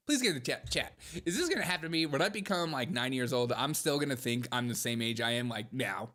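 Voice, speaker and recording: A man's voice: mid-range voice, lively intonation, a little fast, pushed and bright. A young man hosting a commentary show, reacting to clips in a mocking way, laughing often and talking to his chat.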